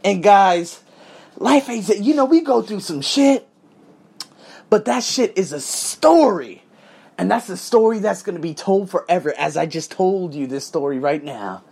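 A man in his thirties from Las Vegas casually telling a story to viewers in an animated, profane way with frequent laughter. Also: high-pitched, a little slow, creaky, breathy edge. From Las Vegas, USA. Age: 30s.

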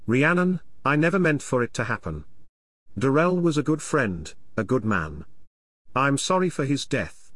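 A man's voice: medium pitch, big pitch swings, normal speed, a bit bright, no room sound, studio quality. A man reading an audiobook, voicing a wounded young captive warrior who speaks in a broken, apologetic way. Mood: remorseful.

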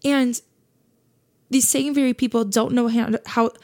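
A woman's voice: fairly high pitch, steady tone, unhurried, mellow. Earnest woman preaching on a podcast. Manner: earnest, preachy, repeats points for emphasis. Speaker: podcast host. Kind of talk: faith podcast monologue.

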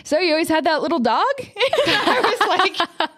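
A young woman with a high voice tells a story on a casual podcast. She slips in and out of quoted voices and laughs along the way. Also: big pitch swings, moderate pace, fairly bright tone. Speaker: podcast co-host.

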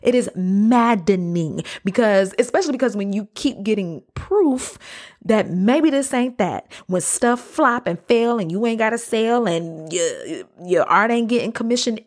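A young adult woman hosting a podcast, giving a motivational faith talk in a conversational, encouraging way with playful asides. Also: mid-range voice. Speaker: podcast host.

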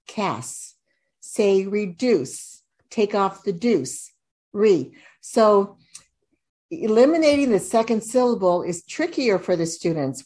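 A woman tutor walks through reading drills at an unhurried pace. She speaks deliberately, sounding out each syllable with care. Her pitch sits in a middle range. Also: mellow. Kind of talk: instructional demonstration.

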